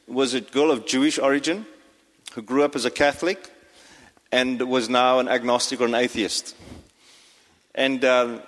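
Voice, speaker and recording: A man's voice: mid-range voice, fairly bright tone. A pastor giving a sermon to his congregation, talking with frequent fillers and restarts. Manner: hesitant, many fillers and restarts. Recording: long hall reverb.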